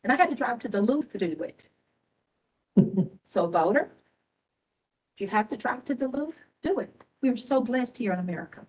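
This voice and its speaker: A woman speaks in a fairly high voice, hammering her points home with emphatic repetition. She sounds tired and emotional as she scolds at a public meeting, picked up from a little way off the microphone in a government meeting room. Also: animated, normal speed, long pauses, a little mellow, distant mic, rough recording. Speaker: elections official at a public board meeting. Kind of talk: impassioned public remarks.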